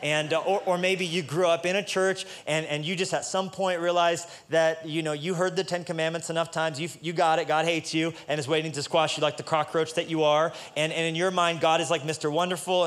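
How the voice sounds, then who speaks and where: A man's voice: on the high side, a bit bright. A male pastor preaching a casual, joking sermon in street-level language, building to emphatic peaks.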